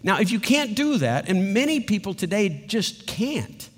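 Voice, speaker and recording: A man with a high voice preaches in a casual, conversational tone. Now and then he acts out the words of someone making an apology. His voice rings with a long reverb, as in a large hall. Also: very animated, a little slow. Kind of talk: sermon.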